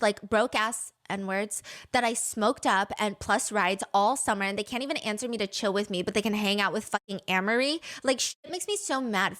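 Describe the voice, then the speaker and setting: A woman telling a story in casual chat, reading messages aloud, animated and laughing, swearing freely. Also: medium pitch.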